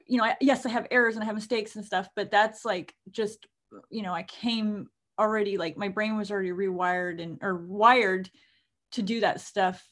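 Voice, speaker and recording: A woman's voice: medium pitch, steady tone, moderate pace, a bit bright. A middle-aged woman co-hosting an author podcast, chatting casually and rambling with lots of fillers. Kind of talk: casual chat.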